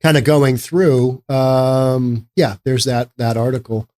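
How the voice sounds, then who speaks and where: A man's voice: medium pitch, level tone, takes it slowly, darkish tone. A man giving casual political commentary in a sarcastic, rambling way.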